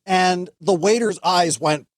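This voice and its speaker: A man's voice: sits high, slow, dry recording. A man, a guest on a talk show, telling a story in casual chat and acting out the lines of the people in it. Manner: animated storyteller, acts out dialogue.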